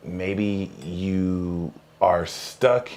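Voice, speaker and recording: Deep voiced guy doing a live tarot reading, jokey, laughs a lot, trails off mid-thought. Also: drawn-out words, darkish tone. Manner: joking, laughs often, trails off mid-sentence. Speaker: podcast co-host, tarot reader.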